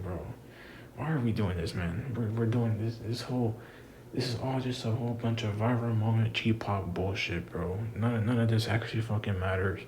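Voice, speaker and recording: A young man rants casually about wrestling in a darkish voice on the low side, a little hiss or hum audible. As a wrestling commentator vlogger, he sounds exasperated, swears a lot, and leans on "bro" frequently.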